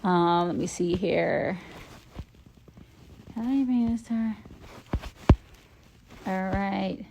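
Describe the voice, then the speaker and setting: A woman's voice: medium pitch, takes it slowly, vocal fry, long pauses, noisy background. Chatty woman talking into a phone. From Atlanta, Georgia, US. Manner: chatty and playful, many filler ums. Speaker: live stream host. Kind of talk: casual live stream chat.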